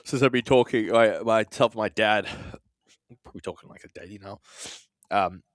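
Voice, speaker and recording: A South African man with an Australian accent and South African traces co-hosts a podcast, his fairly low voice moving at normal speed with no room sound. His chat is casual, rambling and self-deprecating, with some swearing.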